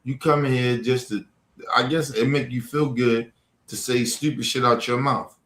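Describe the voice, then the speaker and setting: A man's voice: medium pitch, steady tone, normal speed, fairly bright tone. A man hosting a livestream, confronting trolls in the chat in a heated, profane rant. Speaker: livestream host. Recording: echoey room.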